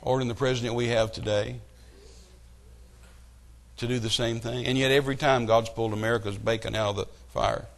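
Animated preacher man. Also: mid-range voice, fairly quick, pauses often. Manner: animated storytelling with rising outbursts. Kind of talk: sermon.

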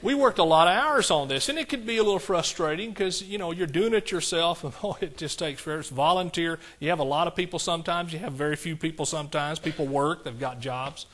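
A middle-aged man with an East Texas accent preaching a conversational sermon in a church, folksy and plain-spoken, calling for amens and rising higher and louder on the points he stresses. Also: fast talker, few pauses. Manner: folksy, calls for amens, rises high and loud on emphatic points. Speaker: pastor.

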